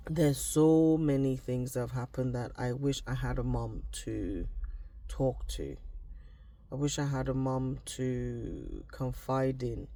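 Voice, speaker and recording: A Nigerian man shares personal reflections in a casual diary vlog, his voice medium-pitched and warm. He often trails off and starts his thoughts over.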